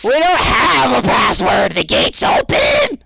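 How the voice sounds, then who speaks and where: A man voicing small giggling male gate-guard creatures that squeal and yell in a frantic panic. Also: extremely high pitch, huge pitch swings, takes it slowly, creaky, pitched above the performer's own voice, exaggerated voice. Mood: gleeful.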